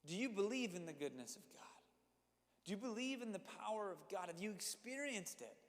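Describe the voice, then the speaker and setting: A man's voice: high voice, very animated, a little fast, in a large hall. A man preaching a sermon to students, emphatic and direct, repeating phrases for effect and speaking straight to his listeners. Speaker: youth pastor.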